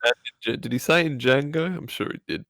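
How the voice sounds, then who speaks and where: A man's voice: mid-range voice, fast talker, a bit bright, no echo. A man as a podcast guest in casual chat, laid-back and swearing casually.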